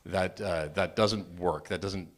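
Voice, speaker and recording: A man telling a true story on stage, wry and self-deprecating, animated in his delivery. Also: deep voice, takes it slowly. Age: adult, married. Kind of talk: live storytelling.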